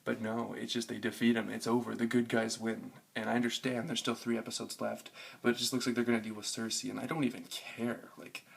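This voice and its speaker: Gravelly young man ranting. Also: mid-range voice, level tone, fairly quick, few pauses. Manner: frustrated, profane, lots of fillers. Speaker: TV review vlogger. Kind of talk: casual ranting review.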